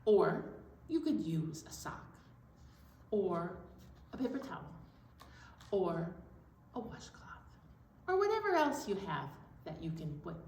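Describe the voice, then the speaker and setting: A woman's voice: fairly low pitch, slow pace, pauses often. A woman librarian leading a children's storytime in an upbeat, encouraging way. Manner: upbeat, animated and encouraging, addressing kids. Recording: echoey room, distant mic, faint noise.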